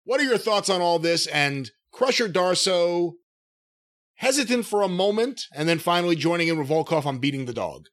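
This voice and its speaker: A man's voice: high-pitched, expressive, moderate pace, fairly bright tone. A man hosting a casual podcast, upbeat and enthusiastic as he sums things up for his co-host. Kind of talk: casual chat.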